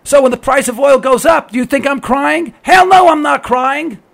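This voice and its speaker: Man, commentator, opinionated monologue, emphatic, repeats himself for effect, sarcastic, unusually high voice, rough gravelly edge. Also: steady tone, moderate pace. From United States. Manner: emphatic, sarcastic, hammers points by repetition. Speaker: political commentator. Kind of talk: opinionated radio-style monologue.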